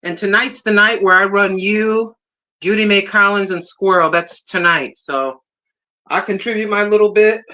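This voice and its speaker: Brief: woman from Puerto Rico hosting a livestream, bright and forceful voice, excited and effusive. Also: mid-range voice, normal speed. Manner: excited, effusive, repeats herself. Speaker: livestream host. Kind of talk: casual livestream chat.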